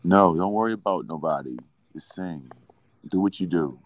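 Deep-voiced man hosting a live stream. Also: moderate pace, no room sound. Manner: loose, laughing, coaxing guests to perform. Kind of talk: casual live-stream chat.

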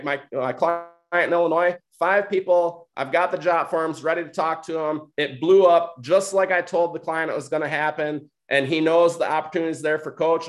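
A man from Michigan who coaches other coaches, giving a motivational talk. He talks emphatically, repeats his points and keeps checking in with "right?" and "okay?". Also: on the high side.

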